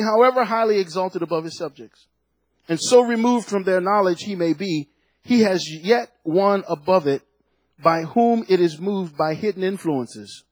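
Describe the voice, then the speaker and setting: A male pastor preaching a sermon, swinging between loud bursts and hushed lines. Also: high-pitched, no echo.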